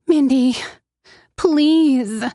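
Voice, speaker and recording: A bitter, desperate young woman begging and lashing out in a higher, slower voice, as a female reader puts her on. Her words come pleading, then turn sharply accusatory. The sound is dry and close, with no room around it. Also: animated, no room sound.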